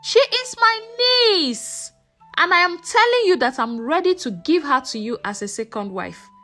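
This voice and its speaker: Woman doing a nagging scheming wife, quick sharp scolding, high bright voice. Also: very animated, soft background music, heavily acted. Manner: rapid, shouting scolding.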